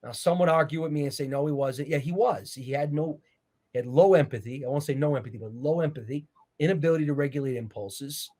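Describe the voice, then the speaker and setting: A man sits for an interview and walks through his points in an earnest, preacherly tone. His voice sits a touch higher than most men's. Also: quick pace, mellow. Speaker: interview guest, author. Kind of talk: conversational interview.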